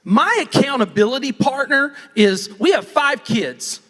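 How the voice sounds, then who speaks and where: High-voiced, lively folksy man. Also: a little slow. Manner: folksy, rambling, self-interrupting. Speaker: real estate team leader speaking on stage. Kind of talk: casual motivational talk. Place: large conference hall. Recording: long reverb of a large hall.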